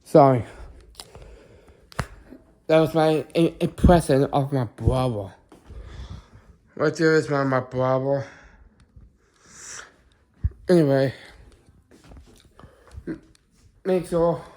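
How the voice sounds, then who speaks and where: A man's voice: fairly high pitch, slow, long pauses, dark tone. A man talking casually to camera as a vlogger, rambling and often restarting and correcting himself mid-sentence. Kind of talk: casual vlog chat to camera.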